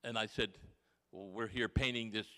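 A man's voice: lowish voice, fairly even intonation, moderate pace. Older man testifying in a reverberant hall. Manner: homely storytelling with gentle humour. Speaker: church member giving a mission testimony. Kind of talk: folksy testimony to a congregation. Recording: long reverb of a large hall.

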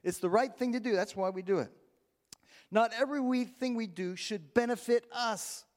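A man's voice: high voice, normal speed, a little mellow. A middle-aged male pastor preaching a sermon, calling out to the congregation with rising emphasis and amens. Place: church sanctuary. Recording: long hall reverb.

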